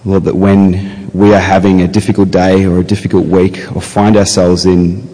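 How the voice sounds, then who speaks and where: A man leading an earnest spoken prayer in a steady voice. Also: deep voice, moderate pace, big-room sound. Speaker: prayer leader.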